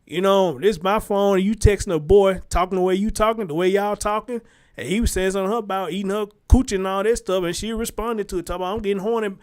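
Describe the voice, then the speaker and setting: A man hosting his own show, telling stories in a blunt, animated commentary with heavy slang. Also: sits high, fast talker, smooth. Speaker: show host. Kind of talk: casual commentary monologue.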